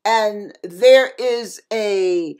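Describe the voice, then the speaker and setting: A woman's voice: mid-range voice, extremely slow, a little mellow, clear, resonant tone. An older woman who hosts a ministry channel, speaking in an earnest, folksy sermon style with some humorous asides. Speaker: ministry channel host and pastor. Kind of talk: sermon-style talk recounting a dream as a warning.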